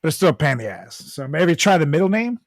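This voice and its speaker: A man's voice: fairly high pitch, very animated, fast talker, no room sound, studio quality. A man co-hosting a podcast in casual chat, sweaty after boxing, swearing often and laughing a lot. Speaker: podcast co-host.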